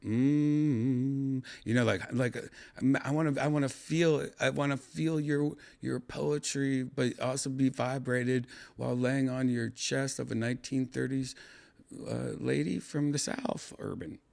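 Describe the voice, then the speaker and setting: A man's voice: medium pitch, fairly even intonation, gravelly, a little mellow. Rambling podcast host man. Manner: rambling, halting, full of "like" and "uh". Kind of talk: joking casual chat with an AI voice.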